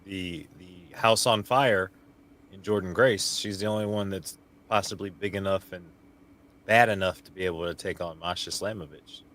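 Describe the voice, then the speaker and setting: Man, deeper voice, blunt, dry sarcastic quips, casual chat. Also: normal speed, a bit bright.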